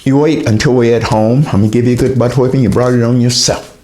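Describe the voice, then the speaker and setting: A man voicing a cold, impatient mother who scolds her kid in curt threats. Her pitch swings widely, up and down. He slips her into his talk as a quick put-on. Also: wildly swooping pitch, gravelly, slight background noise, exaggerated voice. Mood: harsh.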